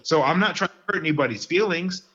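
A man telling lively stories in casual podcast chat, getting worked up as he goes. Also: on the high side, quick pace, husky, highs cut off. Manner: animated storyteller who gets worked up.

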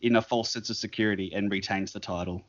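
A man's voice: lowish voice, steady tone, fast, highs cut off. A man hosting a wrestling radio show, chatting casually with fillers and frequent laughs, recorded in a studio. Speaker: radio host.

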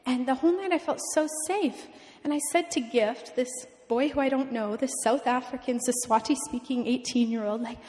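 Animated young woman telling her testimony. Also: sits high, moderate pace, few pauses. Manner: animated storytelling, acts out the people she quotes. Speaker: missionary speaker. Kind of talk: testimony to a church audience. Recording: long reverb in a large hall.

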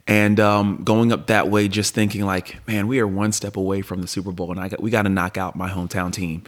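Animated storytelling man in his forties. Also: low-pitched, a little fast. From Pennsylvania, USA. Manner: animated storyteller who acts out quoted dialogue. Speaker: guest, former pro football player. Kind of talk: casual interview storytelling.

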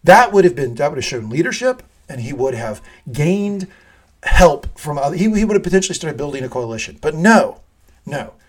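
A podcast co-host recaps a TV episode in casual chat, his voice on the high side, very animated and fairly quick. He swears often and acts out the lines he quotes.

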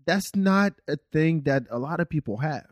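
A man's voice: on the high side, lively intonation, moderate pace, dry recording. A man from France hosting a podcast, chatting casually with laid-back, teasing banter. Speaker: podcast host.

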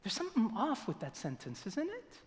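A man preaching a sermon in a church, asking rhetorical questions and swinging between loud emphasis and near-whispers. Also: extremely high pitch, wildly swooping pitch. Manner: slow, deliberate delivery with rhetorical questions. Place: church sanctuary. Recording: long church reverb.

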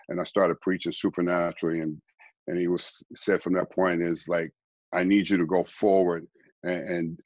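A middle-aged man, a guest preacher, telling his life story in a rambling, quiet way, often repeating words. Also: sits low, no echo, dull audio. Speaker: guest, former baseball player turned preacher. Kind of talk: conversational storytelling.

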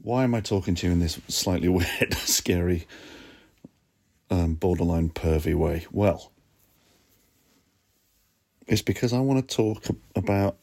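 A man hosting a podcast, chatting in a relaxed, reflective, sleepy way while lying on his bed, recorded on a phone. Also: low-pitched, a little slow, long pauses. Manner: sleepy, yawning, self-mocking. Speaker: podcast host. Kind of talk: relaxed reflective solo chat. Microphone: phone voice notes app.

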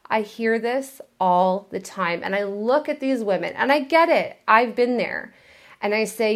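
A woman's voice: on the high side, lively intonation, a little slow. A woman giving a motivational talk about romance as a relationship coach, speaking emphatically and candidly, with the odd swear word.

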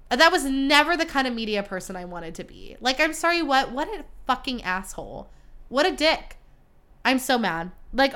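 A young woman hosting her own podcast, chatting casually in an animated, gossipy way with lots of swearing and asides. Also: fairly high pitch. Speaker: podcast host. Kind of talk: casual solo podcast chat.

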